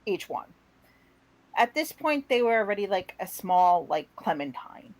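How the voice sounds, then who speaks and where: A woman co-hosting a casual talk show, telling a story with lively acted-out quotes. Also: medium pitch, unhurried, rough recording. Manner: animated storyteller, acts out quotes. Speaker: co-host. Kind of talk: casual chat.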